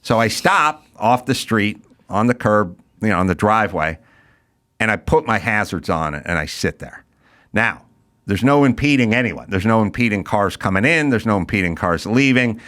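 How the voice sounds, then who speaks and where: A man's voice: fairly low pitch, moderate pace. A male podcast host telling a rant-filled story in casual chat, acting out the people in it. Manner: animated, ranting, acts out quotes.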